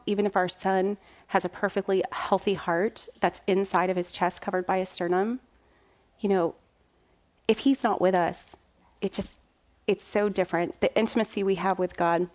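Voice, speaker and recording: A woman in her thirties, a mother, giving an earnest and candid personal faith testimony, pausing and restarting as she speaks. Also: medium pitch.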